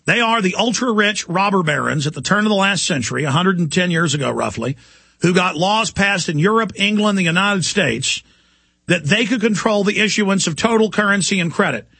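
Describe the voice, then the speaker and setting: A man's voice: high-pitched, animated, brisk, creaky, pushed and bright, slightly rough, no room sound. A man delivering an impassioned, indignant talk radio monologue as the show's host.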